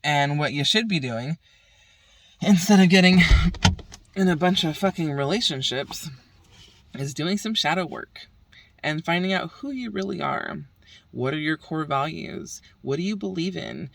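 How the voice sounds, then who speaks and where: A man's voice: on the high side, expressive, measured pace, gravelly, pauses often, a bit bright, no room sound. A man from the Bay Area ranting profanely and heatedly in a casual vlog. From San Francisco Bay Area. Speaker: vlogger.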